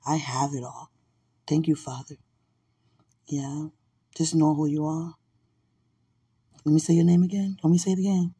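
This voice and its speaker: A woman's voice: low-pitched, steady tone, moderate pace, pauses often, mellow, husky. A woman hosting a podcast, mixing casual prayer with playful, teasing banter and frequent laughter. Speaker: podcast host.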